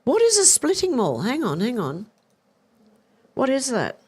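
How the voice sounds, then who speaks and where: A woman's voice: high-pitched, wildly swooping pitch, unhurried, darkish tone, breathy edge. Chatty woman reading viewer comments. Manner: chatty and self-deprecating, laughs often, reads messages aloud and answers them. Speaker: livestream news host reading viewer comments. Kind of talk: casual live-stream chat.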